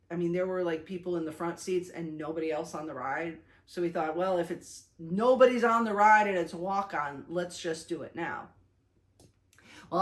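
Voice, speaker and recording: A young woman vlogger casually retelling her day, chatty and animated, with lots of fillers and self-conscious restarts. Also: on the low side. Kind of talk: casual storytelling recap.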